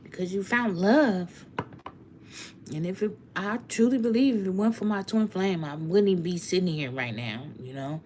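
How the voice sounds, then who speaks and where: A woman's voice: mid-range voice, moderate pace, a little mellow, slight background noise. A woman tarot reader speaking heartfelt and emotional on a live stream to her viewers, often laughing.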